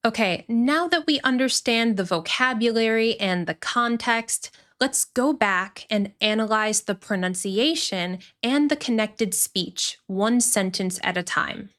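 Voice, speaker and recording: A woman teaching English pronunciation, explaining clearly and repeating words deliberately. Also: a little high, a bit bright. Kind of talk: pronunciation lesson.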